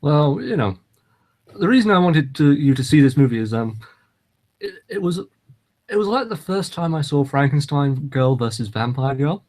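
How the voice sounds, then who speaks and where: A man's voice: on the high side, sing-song, normal speed, darkish tone. A man co-hosting a casual podcast chat, teasing his co-host in a dry way.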